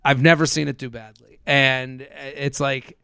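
A comedian chatting casually on a podcast, rambling with many fillers and restarts. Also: male voice, medium pitch, fairly even intonation, unhurried, creaky, sharp tone, clear, resonant tone, no room sound, studio quality.

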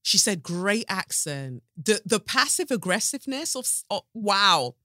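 A woman's voice: mid-range voice, expressive, normal speed, pushed and bright, dry recording, studio quality. A woman hosting a podcast from her sofa, talking in an emphatic, sassy monologue. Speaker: podcast host. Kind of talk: casual commentary monologue. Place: home sofa.

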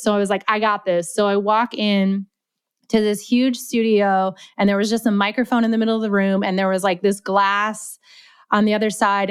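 A young adult woman as a podcast guest, chatting and telling stories in a lively way, with lots of "like" fillers. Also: mid-range voice, smooth, no echo. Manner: chatty, animated, heavy use of "like". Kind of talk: casual storytelling interview.

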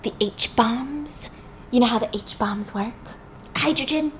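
A woman's voice: a little high, slow pace, a little hiss or hum. A woman voicing an unhinged, menacing male asylum patient who rambles insistently.

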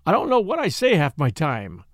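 A man's voice: on the high side, huge pitch swings, moderate pace, dry recording, clean studio sound. A man voicing a desperate, sleepless young Englishman who pleads in a trembling, frantic way. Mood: desperate pleading.

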